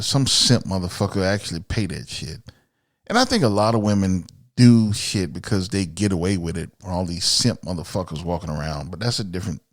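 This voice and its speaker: This Miami podcast host has a low-pitched voice and rants bluntly and profanely through an opinionated solo monologue. The sound is studio quality with no echo.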